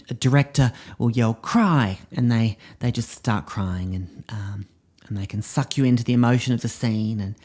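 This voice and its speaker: A darkish, mid-range male voice carries this comedy podcast bit. The character is a pompous drama teacher who meanders through his monologue, padding it with fillers.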